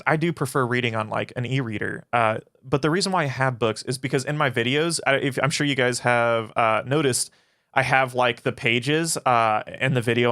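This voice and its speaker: A man's voice: mid-range voice, a bit bright, clear, resonant tone, no echo, studio quality. A man casually answering chat questions on a livestream, swearing often and rambling through his answers. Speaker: philosophy channel streamer.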